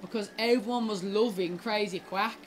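A woman's voice: mid-range voice, moderate pace, slight background noise. A young woman rambles to her viewers while playing a game, often restarting her sentences and swearing at the game. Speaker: gaming YouTuber. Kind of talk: casual gaming commentary.

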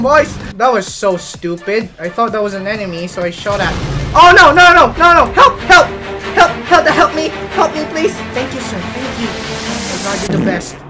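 A young man commentating his own gameplay in an excitable, panicky, jokey way, shrieking and laughing. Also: very high-pitched. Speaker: gamer and video host.

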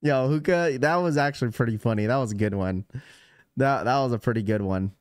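A man's voice: medium pitch, fairly quick, dry recording, studio quality. A man hosting a live stream, talking casually and rambling to his chat. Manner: rambling, chatty, talks straight to chat. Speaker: livestream host.

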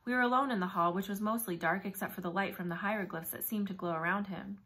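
A woman reading a novel aloud in first person, with brisk, vivid storytelling. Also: medium pitch, fairly bright tone. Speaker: audiobook narrator.

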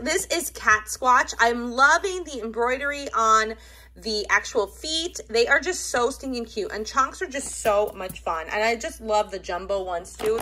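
A woman's voice: a little high, bright, forceful tone. A woman in her thirties gushing over toys in a casual unboxing video. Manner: gushing, enthusiastic. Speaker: toy unboxing vlogger.

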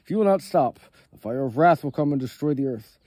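A man voicing a stern male prophet who scolds with forceful, indignant lines. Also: fairly high pitch, fairly quick, no room sound, natural voice. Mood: scolding.

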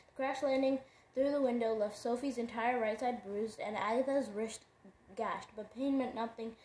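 A woman reading a novel aloud at a steady pace, often stumbling over words and correcting herself. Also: a little high, echoey room, slight background noise, rough recording. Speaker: reader.

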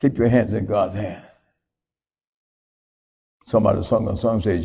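A male pastor preaching a sermon in a folksy storytelling way, swinging from hushed lines to shouted ones, heard in a church sanctuary. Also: fairly low pitch, fairly even intonation, measured pace, vocal fry, breathy edge. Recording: long church hall reverb.

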